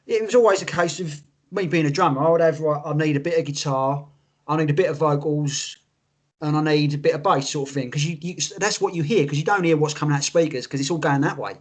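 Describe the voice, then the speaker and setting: Man, slightly high voice, lively sweary podcast co-host, casual chat. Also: fast talker. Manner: animated, sweary, tells stories with quoted voices.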